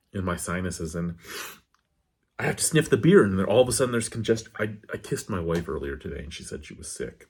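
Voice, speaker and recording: Guy doing a beer review vlog, kinda husky lowish voice, goes off on tangents. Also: a little mellow. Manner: rambling, digressive, candid; talks with his hands.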